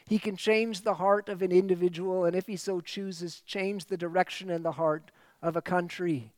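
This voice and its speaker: A man delivers a sermon with emphatic, repeated phrases. His voice sits high and rings smooth and resonant. The sound is dry and close, with almost no room echo. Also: steady tone, normal speed. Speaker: pastor.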